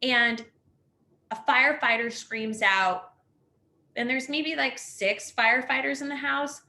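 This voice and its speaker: A woman in her thirties recounts her story on a video call, with lots of "like" and "next thing you know." Her voice is bright and forceful. The room around her sounds echoey. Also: high voice, fairly even intonation, measured pace. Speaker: house fire survivor, webinar guest. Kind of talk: personal storytelling on a webinar.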